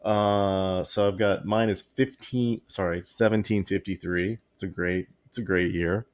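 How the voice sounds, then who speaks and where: A man's voice: deep voice, fairly even intonation, unhurried. A man co-hosting a podcast in casual chat, rambling and often breaking into laughter mid-sentence. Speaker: podcast co-host.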